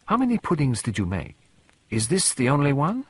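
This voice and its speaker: A man voicing a fussy, polite elderly male detective who speaks precisely and formally, in a husky voice. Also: on the high side, wildly swooping pitch, fairly quick, pitched above the performer's own voice, exaggerated voice. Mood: courteous.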